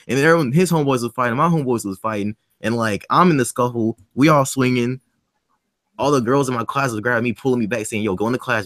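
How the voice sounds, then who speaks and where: A man's voice: medium pitch, dry recording. A man on a podcast panel telling a profane story in casual chat, acting out the lines of everyone in it. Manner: animated, profane, acts out quoted dialogue.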